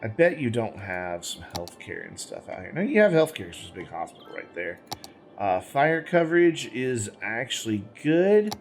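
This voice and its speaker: A man's voice: mid-range voice, big pitch swings, moderate pace, faint music behind. A man hosting a gaming channel, giving casual let's-play commentary as he plays, thinking aloud, rambling and correcting himself, with the hiccups.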